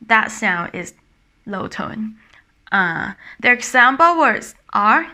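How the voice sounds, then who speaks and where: A young woman with a Thai accent, teaching a language lesson and slowly repeating each example word several times to demonstrate it. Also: fairly high pitch, expressive, sharp tone.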